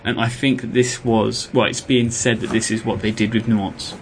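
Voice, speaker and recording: A man's voice: fairly low pitch, little pitch movement, slight background noise. Chatty British man talking tech. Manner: enthusiastic, quick asides, trailing restarts. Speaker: podcast co-host. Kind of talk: casual tech chat.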